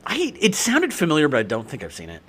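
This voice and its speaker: Lively-voiced middle-aged man hosting. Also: fairly high pitch, quick pace. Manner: reads researched notes, chuckles often. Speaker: podcast host. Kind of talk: casual chat about films.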